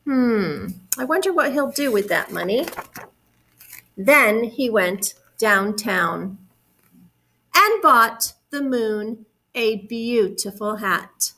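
A woman with a fairly high, animated voice reads a storybook aloud to young kids, stopping to explain words and ask them questions in a warm, slow, encouraging way. The recording is rough.

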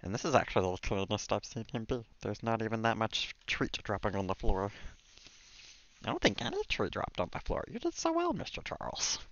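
A man's voice: lowish voice, very animated, brisk, a bit bright. A man voicing a mischievous small male alien creature while cooing at a cat. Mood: playful. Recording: dull dry sound.

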